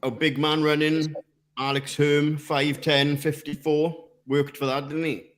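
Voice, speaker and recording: A man's voice: a little high, level tone, unhurried. A man hosting a running podcast, bantering casually with friends and swearing now and then. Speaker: podcast host. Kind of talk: casual chat.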